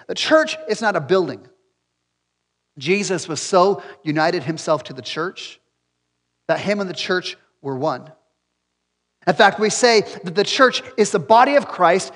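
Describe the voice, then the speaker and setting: A man's voice: sits high, fairly bright tone. A man preaching a sermon in an earnest way, repeating key phrases for emphasis. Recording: long hall reverb.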